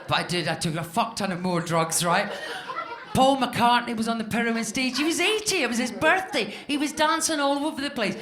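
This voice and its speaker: A woman's voice: a little high, normal speed, fairly bright tone. A woman in her fifties doing a live stand-up routine, swearing freely and acting out the voices of the people in her story. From Scotland. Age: 50s. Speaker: stand-up comedian. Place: comedy club stage with live audience. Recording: roomy live club sound.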